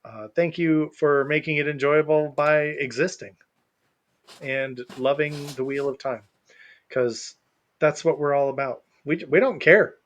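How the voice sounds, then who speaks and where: A man's voice: on the high side, measured pace, fairly bright tone, slight background noise. A man co-hosting a podcast in casual chat, jokey and teasing. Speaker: podcast co-host.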